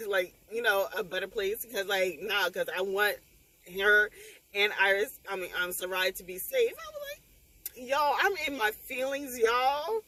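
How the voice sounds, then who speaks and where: A young woman vlogging, chatting excitedly and emotionally about a book she just read, talking straight to her viewers. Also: medium pitch, measured pace, low-quality recording. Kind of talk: casual chat.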